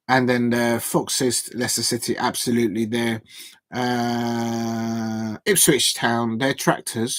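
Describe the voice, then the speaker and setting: A man streaming a live football watch-along from home, rambling casually with frequent fillers, false starts and shout-outs to viewers. His voice sits at an ordinary pitch and sounds close and dry, with no room around it. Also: dry recording. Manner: rambling, hesitant, many fillers and restarts. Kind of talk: casual live match commentary.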